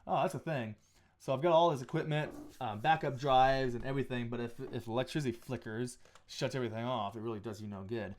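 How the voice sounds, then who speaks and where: A man's voice: medium pitch, fast talker, slight background noise. A man talking casually on a live stream while he edits photos, thinking aloud with frequent restarts and small asides. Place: home photo studio.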